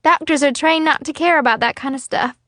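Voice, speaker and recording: Woman voicing a bubbly, hurt young woman for a storybook read, high and lively, dry sound. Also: a little fast, no room sound. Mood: chatty. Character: injured young woman, cheerful and chatty.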